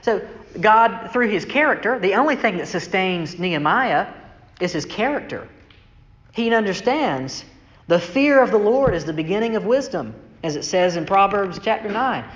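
A preacher giving an evening sermon, reading scripture and explaining it in a relaxed, conversational way, often asking "right?" and acting out the quoted speakers. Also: normal speed. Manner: conversational, asks rhetorical "right?" questions; acts out quoted speech with shifts in pitch. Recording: echoey hall, dull lo-fi sound.

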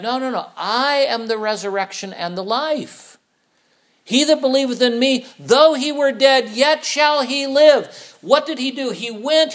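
A man's voice: a little high, fairly bright tone. A middle-aged man preaching a sermon, asking rhetorical questions and acting out the voices of the people he quotes. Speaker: pastor.

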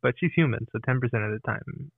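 A man's voice: mid-range voice, fast, vocal fry, husky, dry recording, narrow, tinny audio. A man co-hosting a casual podcast, talking in easygoing slang and laughing along. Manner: slangy, says dude and bro. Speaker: podcast co-host. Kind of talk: casual chat.

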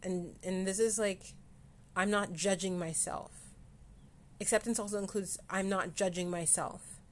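Woman, podcast host, candid, self-deprecating, halting with restarts, near tears. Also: mid-range voice, steady tone. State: close to tears at times. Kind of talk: personal mental health podcast.

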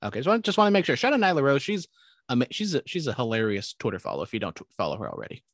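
A man's voice: mid-range voice, very animated, rapid-fire, dry recording. Young guy cohosting a podcast, rambly, swears a lot, dry close sound. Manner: rambling, swears casually, many restarts. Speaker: podcast co-host. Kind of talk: casual chat.

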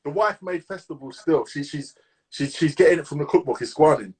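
A man with a London accent co-hosts a casual podcast, full of slang and hype for his listeners. His voice sits fairly high. It has a husky, slightly rough edge. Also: fairly quick. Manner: animated slang-heavy banter, hyping listeners. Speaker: podcast co-host. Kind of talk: casual chat.

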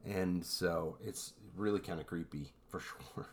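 A man co-hosting a podcast, telling eerie stories in a relaxed, rambling way with lots of fillers. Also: deep voice, a little slow. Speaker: podcast co-host. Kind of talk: casual storytelling chat.

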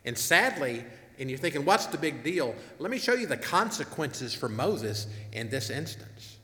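Very animated, with a bright, forceful tone and a medium pitch, this preacher keeps a moderate pace. Using a wireless mic in an echoey church hall with long reverb, he reads scripture aloud and earnestly poses questions to his congregation.

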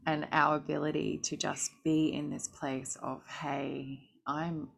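A woman's voice: deep voice, flat delivery, slow pace, vocal fry. A woman co-hosting a casual chat, who speaks in a reflective, affirming coaching manner.

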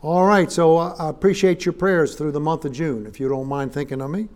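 Male traveling preacher, folksy, joking, somewhat high-pitched, live church service. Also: steady tone, a little fast, darkish tone, a little hiss or hum. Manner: folksy and joking, calls for amens and addresses listeners as neighbor. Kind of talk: humorous sermon opening to a congregation.

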